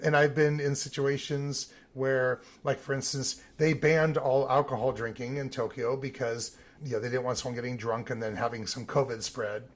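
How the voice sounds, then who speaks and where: Guy w a slightly husky voice, mid pitch, telling stories in an interview, lively. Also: normal speed, hardly any pauses. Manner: animated anecdotal telling with some vivid emphasis. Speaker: Olympic team photographer. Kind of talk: interview storytelling.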